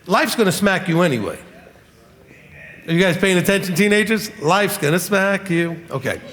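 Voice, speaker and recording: A man in his fifties giving a blunt, animated teaching, often mimicking the people he talks about. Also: sits high, normal speed. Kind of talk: sermon-style teaching. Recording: long hall reverb.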